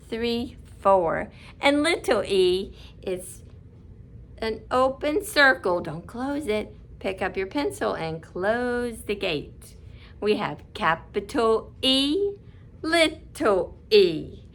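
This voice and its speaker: A woman teaching young children their letter sounds, drawing out each vowel and repeating it slowly so they can copy her. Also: mid-range voice, lively intonation, fairly bright tone. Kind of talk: early reading phonics lesson for young children.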